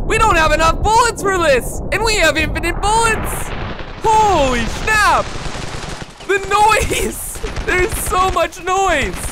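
Excitable high-voiced gaming commentator man. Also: noisy background. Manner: excitable, exclaiming, addresses viewers as guys. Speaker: gameplay commentator. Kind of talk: excited video game commentary. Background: game gunfire and explosions.

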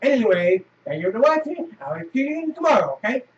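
High, lively man, frustrated gamer. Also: fairly quick. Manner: frustrated, swearing, shouting at the game. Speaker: gameplay video host. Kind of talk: casual let's play commentary. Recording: distant lo-fi mic.

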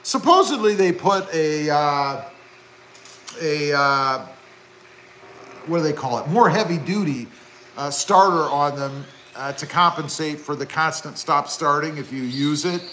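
A middle-aged man hosting a live stream, chatting with viewers and reading their comments aloud in an excitable, chatty way. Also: fairly high pitch, measured pace, a little hiss or hum, low-quality recording. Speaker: YouTube car channel host.

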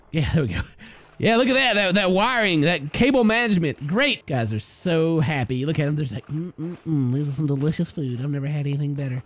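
A young man casually commentating a colony game, excitable and jokey, talking to his little characters. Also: on the high side. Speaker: gaming YouTuber. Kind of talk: casual let's-play commentary.

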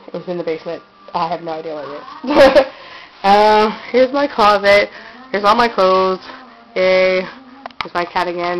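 A vlogger gives a rambling, giggly tour of her own bedroom, chatting casually as she holds the camera and records through its built-in mic. Her voice is mid-range, and the rough recording carries a little hiss or hum.

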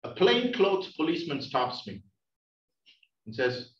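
A man's voice: medium pitch, expressive, normal speed, a bit bright. A man from India giving a humorous speech to an audience, playfully teasing listeners with questions. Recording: roomy, distant, dull sound.

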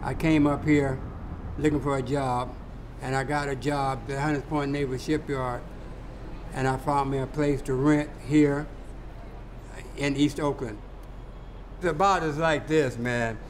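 A man's voice: mid-range voice, steady tone, a little slow, long pauses, a little hiss or hum. Older man spinning laid-back stories. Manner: colloquial, laid-back, acts out quoted voices. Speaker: interviewee, cowboy. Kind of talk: casual storytelling interview.

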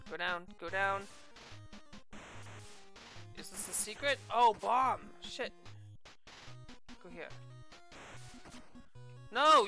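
Woman, let's play commentary, exasperated and profane, lively swooping pitch, faint game music behind. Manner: exasperated, swears a lot, yelps and laughs. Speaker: video game streamer.

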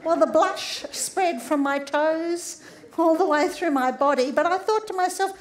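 A woman's voice: very high voice, unhurried. A middle-aged woman with an Australian accent, a sex therapist and doctor giving a humorous public lecture and often checking in with the audience.

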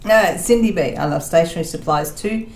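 A woman chatting casually with her viewers, with many fillers, sometimes talking to her dog in a high baby voice. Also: fairly quick, a little mellow. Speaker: craft vlogger. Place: home laundry room. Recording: echoey room with faint noise.

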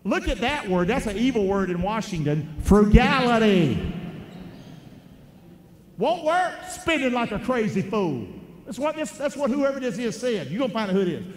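A man's voice: high-pitched, big pitch swings, fairly quick. A man preaching a sermon, calling out to his congregation and having them repeat lines back. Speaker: pastor. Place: church sanctuary. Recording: echoey church hall.

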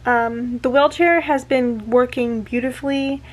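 Young woman vlogging from home, high voice, chatty and rambly, kinda out of breath, camera held close. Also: steady tone, unhurried. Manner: chatty, rambling with many fillers and restarts. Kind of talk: casual vlog. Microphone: handheld camera.

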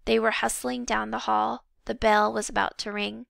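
Woman storyteller, audiobook read, gravelly and bright, dry close sound. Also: fairly high pitch, flat delivery, normal speed, dry recording. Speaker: audiobook reader. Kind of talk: storybook narration.

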